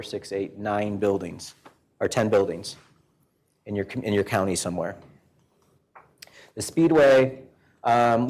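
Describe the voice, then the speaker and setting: A man presents to a local government board. His delivery is folksy and conversational, and his voice sits at an ordinary middle pitch for a man. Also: a little mellow. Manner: folksy storyteller acting out quoted exchanges.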